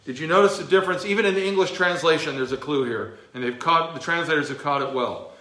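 A man's voice: a little high, quick pace, pushed and bright, echoey room. A male pastor teaching a verse-by-verse sermon, emphatic, with a few fillers. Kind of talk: expository sermon.

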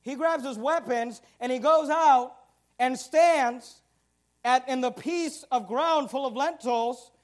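A man with a strikingly high voice preaches a fiery sermon from the pulpit. He hammers his points through repetition and swings into loud, confrontational bursts. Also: slow. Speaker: pastor.

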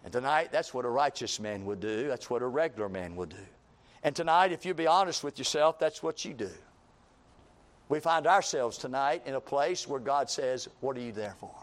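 A man preaching a sermon, reading scripture in an old-fashioned cadence and swinging between impassioned shouts and low, quiet passages. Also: expressive, normal speed. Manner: rising to impassioned shouts, then dropping low.

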